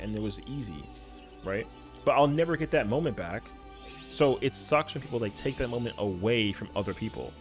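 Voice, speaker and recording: A young adult man, a streamer, telling animated, slangy stories in casual chat. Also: medium pitch, fairly quick, faint music behind.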